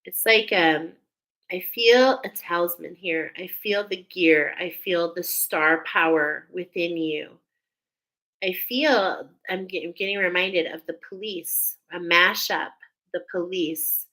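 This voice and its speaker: A woman's voice: on the low side, slow pace, bright, forceful tone, poor audio. A woman doing a live spiritual oracle card reading, effusive and exclaiming, often breaking into laughter. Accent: American. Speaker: tarot and oracle card reader.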